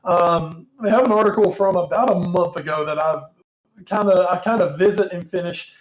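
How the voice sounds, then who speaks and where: A man's voice: high-pitched, normal speed. A tired man co-hosting a casual sports podcast, rambling with lots of ums and casual swearing. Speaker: co-host. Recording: echoey room.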